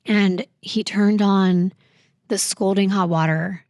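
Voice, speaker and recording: Gravelly-voiced woman telling a hard story. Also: mid-range voice, steady tone, darkish tone, no echo, clean studio sound. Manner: halting, reflective, with many fillers. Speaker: podcast guest. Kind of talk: emotional personal storytelling.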